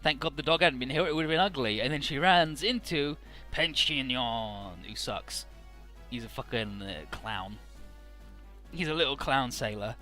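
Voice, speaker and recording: Bright-voiced man recapping a game story. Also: mid-range voice, lively intonation, moderate pace, soft background music. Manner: offhand, profane, amused retelling with many "uh"s.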